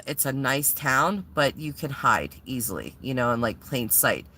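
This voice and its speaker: A woman talks straight to her viewers in a loose, rambling vlog. Her voice is bright and a little tense, and she sounds shaken as she keeps stopping and restarting. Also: sits low. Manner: rambling and shaken, many fillers. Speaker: vlogger. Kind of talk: casual vlog retelling.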